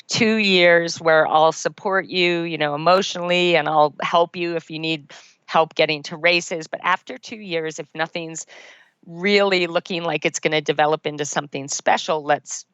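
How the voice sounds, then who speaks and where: A woman putting on her mother's voice, a loving, gently doubtful mother who speaks soothingly to her grown daughter. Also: fairly low pitch, steady tone, normal speed, smooth, dry recording, lightly acted. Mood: tender. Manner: soothing and tender. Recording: dull, dry lo-fi podcast recording.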